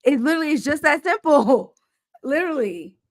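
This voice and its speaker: A woman's voice: sits high, lively intonation, moderate pace. A woman co-hosting a casual chat, blunt and exasperated, swearing freely as she presses her point.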